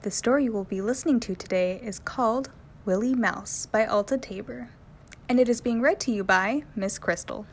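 A woman reading a children's story aloud in a gentle, clear manner as the storyteller. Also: fairly high pitch, moderate pace.

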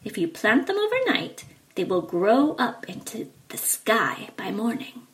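A woman voicing a funny-looking, sly old man in a storybook, talking in a slow, coaxing, mysterious way. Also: on the high side, huge pitch swings.

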